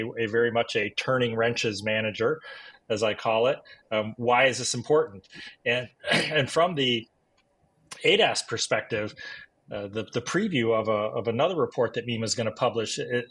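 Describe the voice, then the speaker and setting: A man's voice: medium pitch, fairly bright tone, slightly rough, poor audio. A man with a Midwestern accent explaining industry trends on a panel, with frequent restarts. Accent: Midwestern American. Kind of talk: panel discussion.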